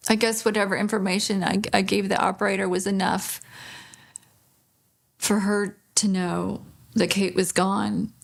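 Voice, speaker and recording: A woman speaking as a grieving mother in an interview, halting and pausing, restarting her sentences. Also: mid-range voice, flat delivery, creaky. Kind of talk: emotional interview testimony.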